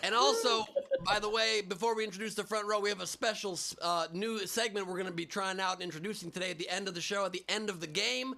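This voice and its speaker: A man's voice: sits high, quick pace, creaky, sharp tone. A man hosting a comedy show over a video call, riffing playfully and joking with guests. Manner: playful, riffing, mock voices and jokes. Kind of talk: improvised comedy banter.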